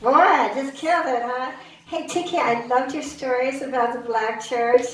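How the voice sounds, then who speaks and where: A woman's voice: high voice, steady tone, moderate pace, a bit bright, slight background noise. A middle-aged woman doing a stand-up set on a club stage, punchy and brash, bantering with the crowd. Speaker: stand-up comic. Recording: very echoey club from a distance.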